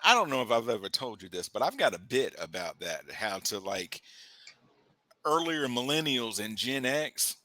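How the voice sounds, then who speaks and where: A man co-hosts a relaxed movie-review podcast and talks about the film with plenty of energy. His voice is bright and ringing, and it rises and falls a lot as he acts out little scenes. He is chatty and full of jokes. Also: mid-range voice. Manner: animated, acts out characters in quick asides. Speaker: podcast co-host. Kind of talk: casual movie-review chat.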